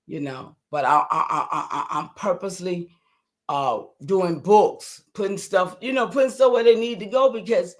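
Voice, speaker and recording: An older woman, talking casually and emphatically to her livestream viewers, rambling and answering their comments. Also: mid-range voice. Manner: rambling, emphatic, talks back to chat comments. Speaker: livestream host.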